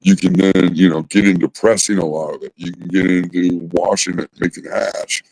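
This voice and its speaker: Male host, deep dark rasp, laid-back rambling delivery. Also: flat delivery, normal speed, dry recording, rough recording. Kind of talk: casual livestream chat.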